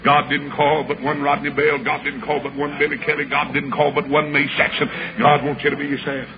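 A man preaching, telling a folksy story and acting out the voices in it, building up to shouts. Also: on the high side, completely flat delivery, brisk, a crowd in the background. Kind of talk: storytelling sermon. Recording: dull lo-fi recording with clear background hiss.

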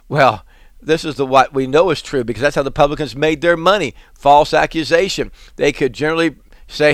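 A middle-aged man preaching a sermon as a pastor, stressing words slowly and building to fervent appeals. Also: a little high, no echo, clean studio sound. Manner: emphatic preaching, drawn-out stresses, rising to fervent exhortation.

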